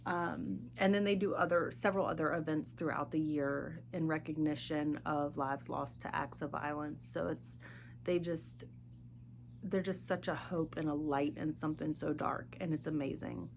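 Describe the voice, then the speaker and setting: A middle-aged woman hosting a podcast, talking earnestly and haltingly about grief and faith, often searching for her words. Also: sits low, steady tone, creaky, background noise. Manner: speaks openly of grief and faith. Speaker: podcast host. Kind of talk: personal monologue.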